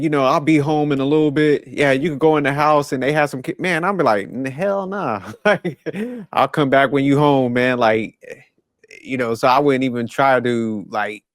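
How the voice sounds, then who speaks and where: A man's voice: medium pitch, clear, resonant tone, no room sound, clean studio sound. A man, chatting bluntly and profanely on a podcast and laughing at his own remarks. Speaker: podcast host. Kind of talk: casual chat.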